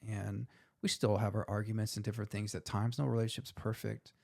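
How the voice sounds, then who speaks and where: A man's voice: fairly low pitch, creaky, a little mellow. A man in his forties, a firefighter, talking candidly and emotionally in an interview, casual and heartfelt. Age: 40s. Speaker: firefighter guest.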